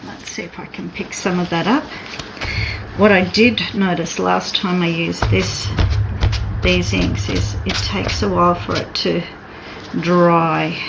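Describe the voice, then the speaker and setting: A woman's voice: fairly low pitch, fairly even intonation, measured pace, vocal fry, noisy background. A woman artist chatting casually and thinking aloud as she sketches and paints. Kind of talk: casual chat while drawing.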